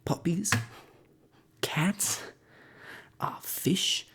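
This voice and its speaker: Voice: mid-range voice, animated, brisk, darkish tone, breathy edge, voice pushed up. A casual narrator voicing a fussy goddess mother who rants sarcastically. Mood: ranting. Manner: sarcastic, ranting.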